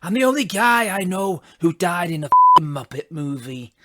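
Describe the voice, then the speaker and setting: A man's voice: high-pitched, big pitch swings, normal speed, bright, forceful tone, a little hiss or hum, voice pushed up, exaggerated voice. A man doing a brash Scottish comedian. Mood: mischievous.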